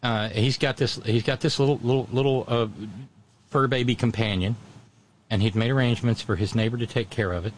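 A man hosting a radio show, chatting casually and telling stories in a halting way, full of restarts and wry asides. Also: medium pitch, steady tone, a little hiss or hum. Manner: chatty storyteller, wry and self-deprecating. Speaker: radio host. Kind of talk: casual on-air chat.

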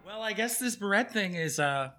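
A man's voice: high voice, animated, moderate pace, loud music behind the voice. A man co-hosting a podcast in casual comedic chat, campy and rambling. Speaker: podcast co-host.

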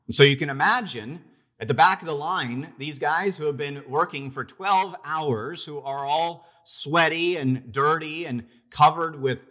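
A man's voice: a little high, a little slow, pushed and bright. Man preaching a storytelling sermon. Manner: storytelling with conversational restarts. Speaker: pastor.

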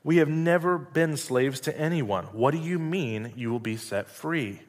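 A man reading the lines of an indignant crowd, his voice raised higher and louder. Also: animated, a little slow. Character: indignant crowd of adult men. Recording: long reverb hall.

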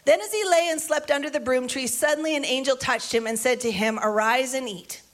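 High-pitched woman preacher, reading scripture with chatty asides. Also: fast. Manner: animated, conversational commentary between readings. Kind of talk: sermon with Bible reading.

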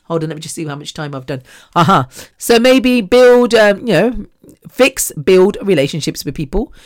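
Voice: medium pitch, lively intonation, moderate pace, no echo. Chatty podcast host, dry sound. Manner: chatty, rambling, self-deprecating, laughs often. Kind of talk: casual podcast monologue.

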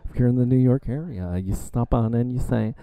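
A man's voice: mid-range voice, brisk, warm tone, clean tone, dry recording. A man co-hosting a casual, campy chat about a book, with a rambling manner and an Indiana twang. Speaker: podcast co-host.

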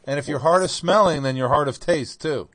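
A man's voice: on the high side, fairly bright tone, dry recording. Joking man in a dry, close recording. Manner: joking, quick to laugh. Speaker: podcast co-host. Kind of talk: casual chat.

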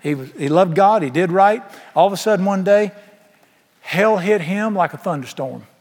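A man's voice: high voice, lively intonation, normal speed, darkish tone, big-room sound. A man preaching a sermon in a large church, folksy and emphatic, firing rhetorical questions at the congregation. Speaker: pastor.

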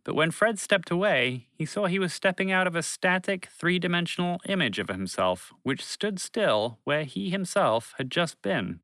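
A man narrating a children's story in an expressive, warm reading voice. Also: high voice, normal speed, hardly any pauses, dry recording.

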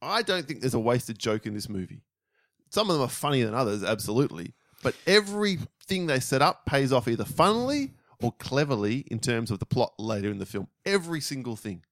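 Guy arguing for his favourite film, swearing, super animated voice. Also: medium pitch, fairly quick, no room sound, studio quality. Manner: emphatic, swears for emphasis, argues his case. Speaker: podcast co-host. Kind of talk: casual film chat.

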